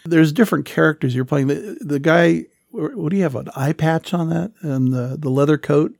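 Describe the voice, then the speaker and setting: A man hosting a podcast, interviewing his guest in a casual, halting, amused way. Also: fairly high pitch, gravelly, a little mellow, no room sound, clean studio sound. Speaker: podcast host.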